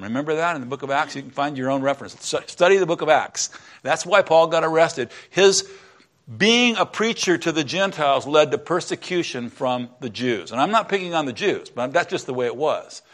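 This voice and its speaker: Chatty preacher with a higher voice. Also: male voice, fairly bright tone. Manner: conversational, chatting with the congregation between points. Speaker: pastor. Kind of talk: sermon.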